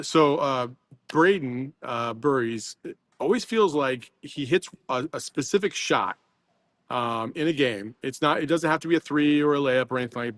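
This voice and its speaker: A man's voice: medium pitch, a bit bright, no room sound. A man talking basketball as a guest analyst on a postgame show, loose and rambling with plenty of fillers. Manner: rambling, loose, laughs often. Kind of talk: casual postgame chat.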